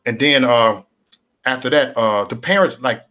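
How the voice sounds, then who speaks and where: A middle-aged man from Chicago tells his life story as a personal testimony, animated and repeating himself, acting out other people's voices. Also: mid-range voice, normal speed, over music. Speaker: speaker sharing his testimony.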